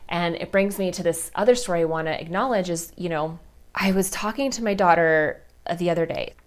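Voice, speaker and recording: A woman's voice: fairly low pitch, fairly quick. A woman in her thirties hosting a personal podcast, telling heartfelt stories in a candid, chatty way full of fillers. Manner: candid, heartfelt, many fillers like "like" and "you know". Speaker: podcast host.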